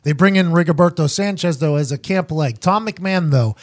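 A man in his thirties, a podcast host and former punter, telling stories in a loose, profane, animated way. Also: fairly high pitch, brisk. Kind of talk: casual storytelling chat.

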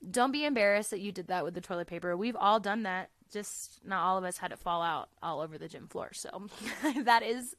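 Woman, podcast host, casual, laughs a lot, swears, medium pitch, dry close sound. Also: fairly quick, fairly bright tone, no room sound. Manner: laughs often, swears, reads stories aloud with reactions. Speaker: podcast host reading listener stories.

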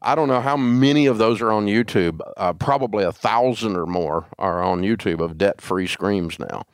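A man's voice: lowish voice, moderate pace, smooth, dry recording, studio quality. An older man, a radio host, telling stories in a folksy, emphatic way during a casual interview. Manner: animated storyteller, folksy, emphatic.

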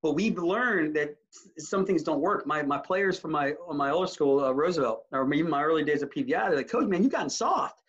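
A man, a high school basketball coach, talking animatedly in a casual interview, rambling with many restarts. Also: a little fast. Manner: animated, rambling, full of restarts and self-quotes. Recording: slightly muffled audio.

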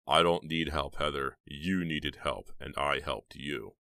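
A man voicing a cold, menacing young blackmailer who speaks slowly with a sneer in an audiobook. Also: very deep voice, vocal fry, bright, forceful tone, no echo, studio quality, full character voice.

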